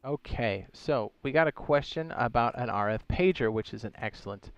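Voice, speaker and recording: A man with a middle-pitched voice talks in a loose, chatty way as he explains a game step by step. He breaks off to answer viewers' questions and tosses in goofy jokes. The sound is dry and close, with no room echo. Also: animated, normal speed, clear, resonant tone, dull audio. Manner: chatty, explains step by step while reading chat questions aloud; playful asides and goofy sound effects. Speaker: game streamer. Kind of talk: casual live-stream game tutorial.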